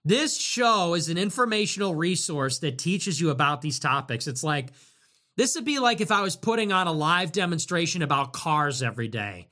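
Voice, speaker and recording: A man hosting a livestream, talking casually and sarcastically in a rambling way that swings between loud and muttered. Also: high voice, animated, normal speed. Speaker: livestream host. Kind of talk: casual livestream talk reading viewer messages.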